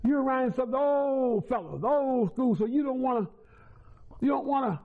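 Man, high-pitched, testifying in church; emotional storyteller with restarts, tinny phone-like recording. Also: expressive, moderate pace. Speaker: church member giving testimony. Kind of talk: personal testimony.

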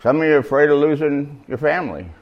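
A man's voice: a little high, expressive, fast, highs cut off. Slangy, emphatic man preaching. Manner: slangy, conversational, rising to emphatic bursts. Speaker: preacher at a recovery meeting. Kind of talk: informal sermon.

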